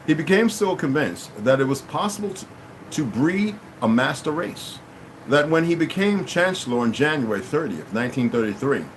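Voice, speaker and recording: A man of middle pitch reads a passage aloud to his audience, often stopping to talk to them directly. He trips over unfamiliar words and starts sentences over. A faint background hum sits under his voice. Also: low-quality recording. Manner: stumbles over hard words and restarts, addresses listeners directly. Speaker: channel host. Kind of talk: reading a text aloud with off-the-cuff asides.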